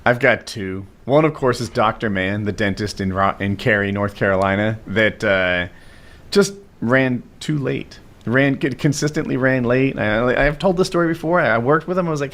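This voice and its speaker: A man in his forties co-hosting a podcast, telling stories with energy and frequent swearing. His pitch sits in the middle range and the speech is clear and unfiltered. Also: moderate pace. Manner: animated storyteller, swears. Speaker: podcast co-host. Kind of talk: casual chat.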